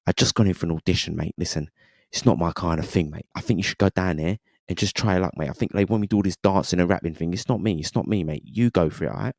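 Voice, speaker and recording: A man's voice: deep voice, quick pace, gravelly, darkish tone, no echo, clean studio sound. A man voicing a friendly young Cockney man who keeps calling him mate, in a Cockney accent. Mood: encouraging.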